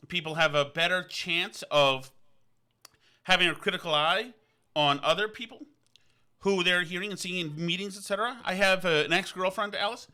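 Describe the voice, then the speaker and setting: A man from Vermont rambles through a casual podcast chat, circling back on himself with plenty of restarts and fillers. His voice is very bright and forward, sitting a little high for a man. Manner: halting, many restarts and fillers, digressive. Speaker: podcast host. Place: on location, indoors.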